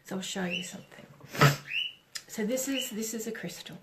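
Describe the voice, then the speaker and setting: A middle-aged woman doing a live oracle reading, speaking gently with pauses and self-corrections. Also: medium pitch, background noise. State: tearful. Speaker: psychic reader on a live stream.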